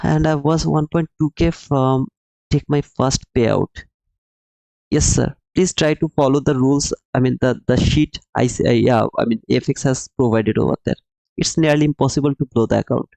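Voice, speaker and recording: A man's voice: mid-range voice, normal speed, vocal fry, mellow, no echo, poor audio. A man hosting a live trading stream who explains the market emphatically, repeats his points and calls his viewers brother while answering the chat. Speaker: livestream trading host.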